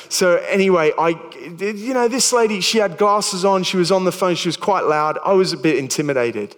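A man's voice: fairly high pitch, a little fast. A man preaching a sermon in a casual, conversational way, telling a story with many restarts. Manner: growing soft and hushed while praying. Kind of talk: sermon with storytelling and altar call. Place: church hall. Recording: long hall reverb.

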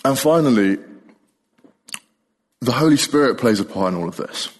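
A man's voice: medium pitch, expressive, normal speed, long reverb tail. A young man preaching a sermon in a casual, chatty way, often laughing as he talks. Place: church.

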